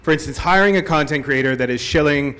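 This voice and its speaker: A man's voice: fairly high pitch, fast talker, pushed and bright, clean tone. A man in a conference audience politely asking the speaker a question in a friendly tone. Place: conference hall.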